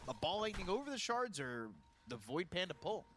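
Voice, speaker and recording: Excitable male play-by-play caster. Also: a little fast. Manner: excitable, pitch jumps up on big plays. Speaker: esports commentator. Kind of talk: play-by-play commentary. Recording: tournament broadcast with background noise.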